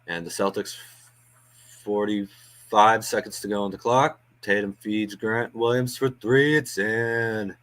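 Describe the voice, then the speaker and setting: Low-voiced man giving casual play-by-play. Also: fairly even intonation, unhurried, a bit bright. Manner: chatty, thinks aloud with frequent ums and uhs. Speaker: watch-along host doing play-by-play. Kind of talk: casual live play-by-play commentary. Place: home watch-along stream.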